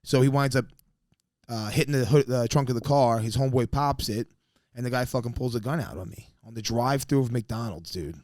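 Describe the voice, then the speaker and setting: This man speaks in a mid-range voice at a fairly quick clip, co-hosting a casual podcast. He swears a lot and performs the quotes in his story, and the sound is dry and clean, as from a studio.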